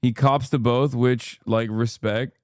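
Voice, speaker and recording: A man's voice: mid-range voice, steady tone, takes it slowly, a little mellow, dry recording, clean studio sound. A man giving casual live-stream commentary on a video, with blunt, joking asides and swearing.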